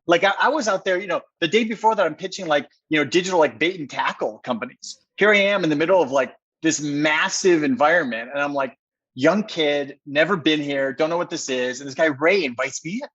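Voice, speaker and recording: Husky-voiced guy rambling through a story on a podcast, kinda muffled sound. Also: fairly high pitch, fairly quick. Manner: excited, rambling, heavy use of "like". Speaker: podcast guest. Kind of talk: animated storytelling in conversation.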